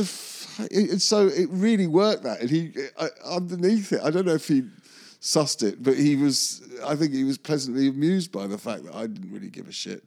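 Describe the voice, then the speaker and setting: A man's voice: fairly high pitch, expressive, normal speed, vocal fry, darkish tone. Rambling man telling a story. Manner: rambling, self-correcting, chuckling. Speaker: magician recalling film work. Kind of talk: anecdotal interview storytelling.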